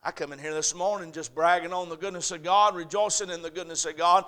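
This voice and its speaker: A male pastor preaching a sermon, folksy and humorous, swinging from quiet asides to shouted preaching. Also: high voice, fairly even intonation, fast talker, hardly any pauses.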